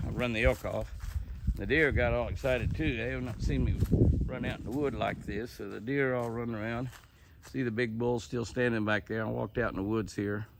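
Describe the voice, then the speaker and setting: A man's voice: fairly low pitch, vocal fry, slight background noise. An older man with a folksy drawl, narrating a casual outdoor vlog from the woods on his ranch and talking to the animals as well as to viewers. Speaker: ranch owner and outdoor show host.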